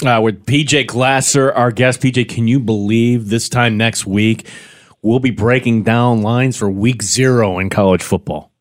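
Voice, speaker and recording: A man's voice: medium pitch, steady tone, unhurried. A man co-hosting a sports talk show, bantering in a wry, playful way. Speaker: sports radio co-host.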